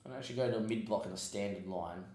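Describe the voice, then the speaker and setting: A man's voice: fairly low pitch, racing, a little mellow, echoey room. A man giving casual commentary on his football management game, muttering asides and breaking into frustrated outbursts. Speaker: gaming podcast host.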